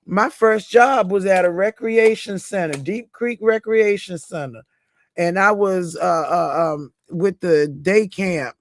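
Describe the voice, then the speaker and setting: A woman's voice: on the low side, no room sound, clean studio sound. A woman hosting a casual live stream, reading viewer chat aloud, chatty and emphatic, repeating her points and addressing viewers by name.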